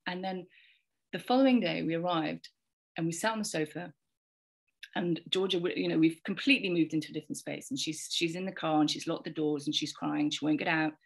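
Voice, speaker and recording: A woman in her forties with a low, gravelly voice tells a personal story in casual conversation. She rambles and doubles back, repeating words and slipping into quoted dialogue as she goes. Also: a bit bright. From England. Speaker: podcast guest sharing a parenting story.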